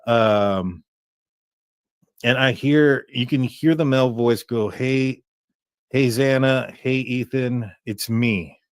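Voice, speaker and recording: Guy with a lowish voice rambling thru a true crime case, lots of restarts, dry close mic. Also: no room sound. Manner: rambling, halting with many restarts. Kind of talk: casual commentary on a call recording.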